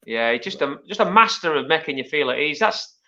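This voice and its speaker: A man's voice: on the high side, animated, a little fast, bright, forceful tone, lo-fi sound. A man, a joking guest musician in casual chat.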